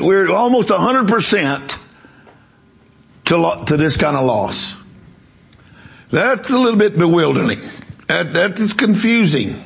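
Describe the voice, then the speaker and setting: A preacher man telling a story in a sermon, his voice a bit high and full of gravel. He talks emphatically, doubling back on his words as he pushes the story forward. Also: very animated, measured pace, long pauses, fairly bright tone.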